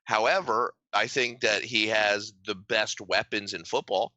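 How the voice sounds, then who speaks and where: Male podcast co-host, lowish pitch, very bright tone, dry sound, casual joking chat. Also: a little slow, no room sound, dull audio. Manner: joking, slips into mocking voices.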